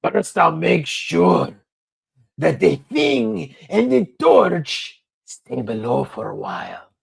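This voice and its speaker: A man voicing a hulking brute monster in a dramatic comic panel reading, with a slow, drawn-out odd delivery. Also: fairly high pitch, big pitch swings, gravelly, breathy edge, heavily acted. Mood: scheming.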